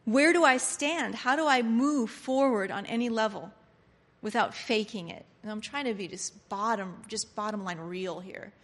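A woman preaching a sermon, switching from hushed, confiding lines to loud, excited outbursts. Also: a little high, normal speed. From Pennsylvania. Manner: animated, swinging from hushed to loud exclamations. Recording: long hall reverb.

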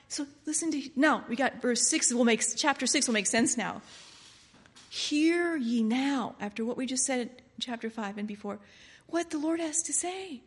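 A woman preaching a passionate sermon, swinging between soft, intimate lines and loud exclamations. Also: high-pitched, animated, moderate pace, husky.

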